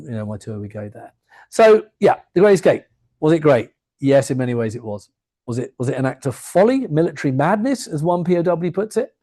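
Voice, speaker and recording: A man giving an evening history talk to a live audience in a museum, chatty and full of jokey asides. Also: medium pitch. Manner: chatty, jokey asides, quick lively delivery. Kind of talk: public lecture with anecdotes. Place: museum lecture room before a live audience.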